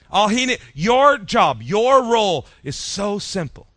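A man preaching a sermon as pastor, in a rhythmic style that drops soft at phrase ends and leads the congregation in repeating lines. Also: high-pitched, very animated, measured pace, few pauses, no room sound. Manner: leads congregation in call-and-response.

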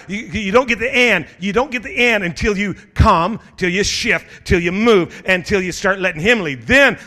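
High, bright-voiced pastor preaching. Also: male voice. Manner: urgent, rising to shouts of exhortation. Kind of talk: sermon.

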